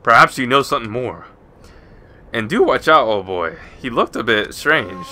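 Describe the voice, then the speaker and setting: A man's voice: mid-range voice, expressive, moderate pace, pushed and bright. A man voicing a genteel, old-fashioned male game character in a mock-formal manner.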